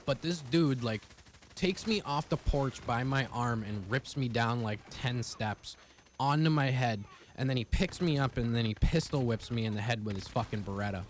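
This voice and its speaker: Over slight background noise, a young man in a mid-range voice retells a personal story to his viewers. As a vlogger, he's casual, swears freely, and rambles quickly.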